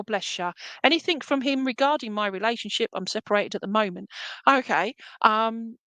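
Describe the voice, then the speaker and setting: A woman's voice: mid-range voice, fairly bright tone, no echo. Chatty affectionate woman medium, dry close sound. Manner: chatty and affectionate, many fillers. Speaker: psychic medium. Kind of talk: live reading to viewers.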